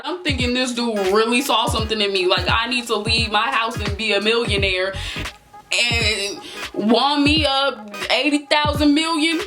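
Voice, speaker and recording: A woman vlogger telling a story in an animated, slangy and playful way. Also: on the high side, moderate pace, over music. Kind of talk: storytime vlog.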